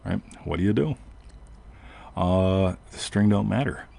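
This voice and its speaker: A man hosting a show speaks a little slowly in a deep, gravelly, dark voice that is slightly rough. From the United States, he rambles casually through a long personal story, self-interrupting and frequently adding "right?"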